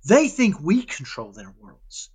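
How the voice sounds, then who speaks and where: A man talking casually in an interview about raising his son, animated and often checking in with "right?". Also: fairly high pitch, a little slow, slightly rough. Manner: animated, keeps asking "right?"; acts out dialogues with his son. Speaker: parenting guest.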